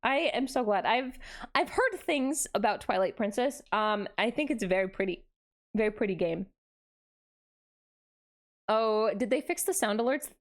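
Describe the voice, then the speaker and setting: A woman's voice: on the high side, lively intonation, moderate pace, long pauses. A young adult woman streaming casually, greeting chat with gasps and laughs. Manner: bubbly, gasping greetings to chat, frequent laughs. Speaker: VTuber streamer.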